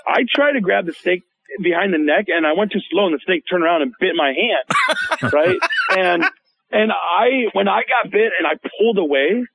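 A chef, a guest on a radio show, telling stories in a lively, casual way, full of fillers and acted-out quotes. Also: male voice, sits high, moderate pace, gravelly, very noisy. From Hmong American. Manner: animated storyteller, acts out quotes, many fillers. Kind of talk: casual radio interview storytelling. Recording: phone-line guest audio.

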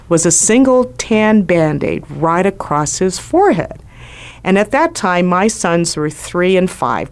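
A middle-aged woman, a former White House doctor, telling a lively personal story on a talk show. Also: on the low side. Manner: lively anecdotal storytelling with acted quotes.

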